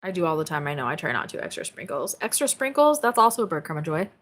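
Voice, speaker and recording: A woman's voice: low voice, expressive, very fast, fairly bright tone. Bubbly lady doing a casual live stream from her home office, reading comments, lots of laughing and cursing. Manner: bubbly, exclamatory, laughs often and swears casually. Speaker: spirituality livestream host.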